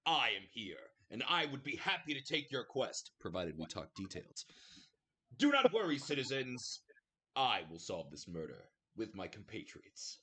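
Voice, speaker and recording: A man's voice: mid-range voice, wildly swooping pitch, a little slow, pushed and bright, husky, voice pushed up, exaggerated voice. A man voicing a grandiose male noble adventurer who declaims to a crowd.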